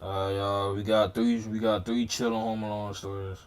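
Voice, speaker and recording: A man's voice: lowish voice, level tone, moderate pace. Laid-back young male reaction host. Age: young adult. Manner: laid-back, talks to viewers, laughs often. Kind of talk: casual chat.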